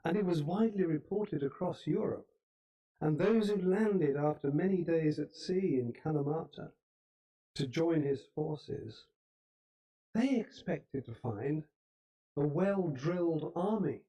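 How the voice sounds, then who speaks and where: A man delivers a history talk in a church hall, telling it like a story and now and then restarting a phrase. His voice sits a little high but stays warm and mellow. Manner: storytelling, unhurried, with small restarts. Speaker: speaker giving a history talk. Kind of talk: lecture.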